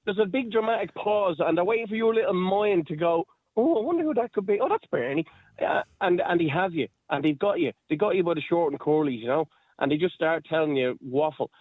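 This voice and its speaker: An Irish man rings a radio show and talks bluntly and cynically, swearing as he goes. His voice sits a little high and comes through a thin, tinny phone line. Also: fairly quick, no room sound. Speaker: caller.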